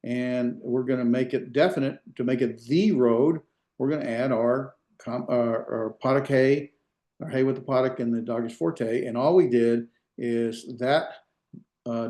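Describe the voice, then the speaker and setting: A male instructor lecturing to an online class at a medium pitch. He explains patiently and keeps checking in with his students by asking "right?" His voice carries the roomy echo of a hard-walled space. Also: steady tone, unhurried, mellow.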